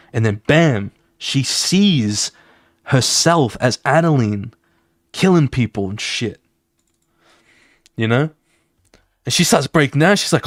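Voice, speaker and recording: A young man talks casually on a live stream while he draws, pitched right in the middle. He gets excited, swears freely and acts out action beats with loud sound effects. The sound is dry and close, with no room around it. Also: no room sound.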